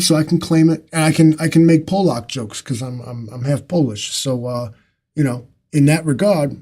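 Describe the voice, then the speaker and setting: Male livestream host with a slightly high voice, loose and profane, speaking into a webcam. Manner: rambling, profane, swinging between loud and quiet. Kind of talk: unscripted solo livestream rant.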